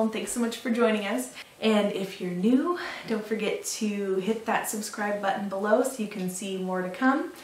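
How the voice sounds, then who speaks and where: Young woman vlogger, chatty and giggly, recorded roomy and set back from the mic. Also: mid-range voice. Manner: chatty, lots of fillers and laughs. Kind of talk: casual chat to camera. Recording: roomy echo, mic at a distance.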